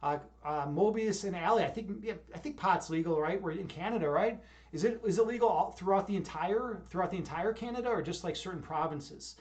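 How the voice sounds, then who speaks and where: A man's voice: sits high, a little fast, a little mellow. A young man from Chicago with a Chicago accent, chatting casually on a livestream and rambling with lots of restarts. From Chicago, USA. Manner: rambling, many restarts and fillers. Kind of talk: casual stream chat.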